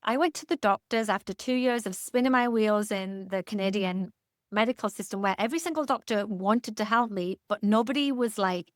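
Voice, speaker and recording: A woman's voice: medium pitch, brisk, dry recording, clean studio sound. A woman in her fifties, a guest expert in a casual podcast interview, talking candidly with jokes and casual swearing.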